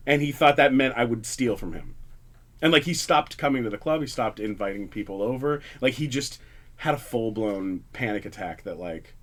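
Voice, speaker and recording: A man from Canada sits at a studio microphone as a comedian guest, spinning a story in a loose, meandering way. He swears easily and stumbles through restarts and fillers. His voice sits at an ordinary middle pitch for a man. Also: lively intonation, normal speed, a bit bright. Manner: rambling, profane, with many fillers and restarts. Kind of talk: casual storytelling on a talk radio show. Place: radio studio.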